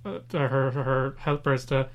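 A man's voice: medium pitch, steady tone, slow. A man co-hosting a casual podcast, rambling and gushing with lots of fillers. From Ireland. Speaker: podcast co-host.

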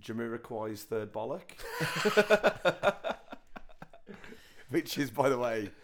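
A man's voice: medium pitch, very animated, slow. A man joking around as a podcast co-host, playful and laughing often. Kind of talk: casual comedy chat.

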